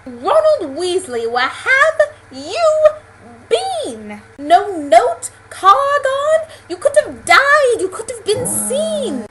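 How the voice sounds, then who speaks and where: A woman voicing a frantic, scolding mother in a loud, shrill put-on British accent. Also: big pitch swings, slow, slight background noise, heavily acted, poor audio. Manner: shrieking, loud.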